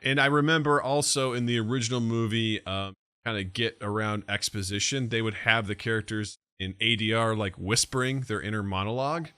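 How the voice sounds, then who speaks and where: A man co-hosting a podcast in casual chat, a rambling storyteller who keeps slipping into quick impressions. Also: on the low side, fairly even intonation, pushed and bright, clean tone. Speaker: podcast co-host.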